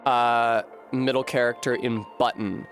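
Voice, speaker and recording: A man streaming a game, thinking out loud in a rambling way, swearing freely and running himself down. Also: mid-range voice, fairly even intonation, a little slow, faint music behind. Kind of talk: casual live-stream commentary.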